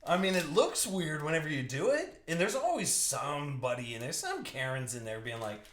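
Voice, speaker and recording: A man's voice: fairly high pitch, lively intonation, moderate pace, a bit bright, roomy sound. A young man hosting a live card break, joking and riffing with viewers by name as he opens packs.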